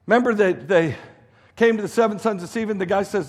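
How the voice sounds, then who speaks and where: A middle-aged man preaches with a high, slightly husky voice. He talks emphatically, circling back and restarting phrases as he drives a point home. His sermon rings out in a church hall with a long reverb. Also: a little fast. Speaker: guest pastor.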